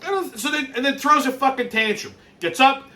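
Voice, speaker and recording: A man's voice: very high voice, moderate pace, sharp tone, distant mic. A man hosting a show, ranting with lots of profanity and exasperation about a video clip, laughing in between. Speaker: host.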